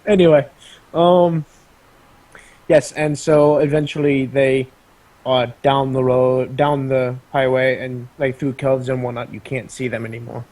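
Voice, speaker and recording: A man narrating as game master of a tabletop game, casual and halting, with many pauses and ums. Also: mid-range voice, flat delivery, darkish tone.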